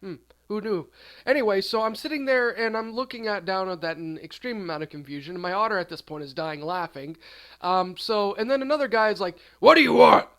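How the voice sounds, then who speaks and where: A man's voice: high voice, fairly quick. A man telling an absurd comedic storytime in a rambling, offhand way. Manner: rambling, deadpan absurd, trailing off. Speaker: storyteller, channel host.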